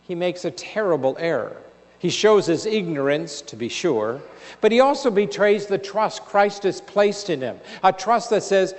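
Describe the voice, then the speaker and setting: A man giving a homily as a priest, telling a story in measured preaching. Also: high voice, very animated, darkish tone. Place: large church. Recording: reverberant church hall.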